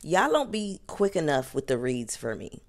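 Brief: woman commentator, very deep voice, sassy and emphatic, casual review rant. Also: big pitch swings, moderate pace, very noisy. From New York area. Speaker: reality TV commentator.

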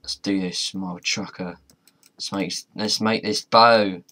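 A man's voice: low-pitched, steady tone, a little slow, sharp tone. A young man commentating as he plays a modded game, chatty and muttering to himself, with mild swearing along the way. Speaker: gamer. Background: faint keyboard and mouse clicks.

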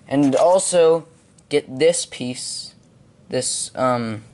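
A man giving step-by-step building instructions at home, halting with frequent ums. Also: a little high. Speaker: hobby video maker.

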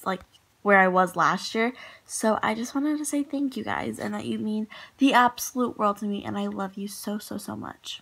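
Teen girl vlogger, high voice, breathless and gushy, sick and stuffy. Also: a bit bright, a little hiss or hum, rough recording. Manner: breathless, gushing, lots of "like" and "oh my god". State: congested, sick. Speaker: YouTuber. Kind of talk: emotional thank-you vlog. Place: at home at a computer.

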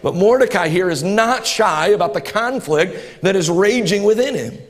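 A man's voice: high-pitched, lively intonation, normal speed. A man, preaching a sermon as pastor, earnest and repetitive, rising to impassioned bursts. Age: 40s. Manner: earnest, repeats phrases, rises to impassioned bursts. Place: church sanctuary. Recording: reverberant church hall.

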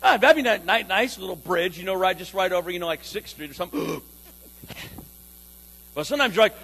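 A man preaching a sermon in a playful, animated way, acting out phrases with sudden loud bursts. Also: high-pitched, fairly quick, creaky, rough recording. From California. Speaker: pastor.

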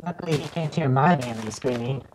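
A woman chatting jokily while playing a game, often repeating herself when excited. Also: very deep voice, a little fast, noisy background. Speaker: gamer on a team. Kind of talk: casual let's-play chat.

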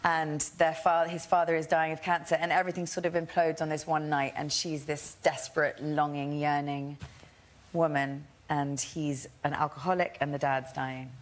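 A woman's voice: sits low, little pitch movement, moderate pace. Giggly woman telling a story. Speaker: talk show guest. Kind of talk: casual anecdote.

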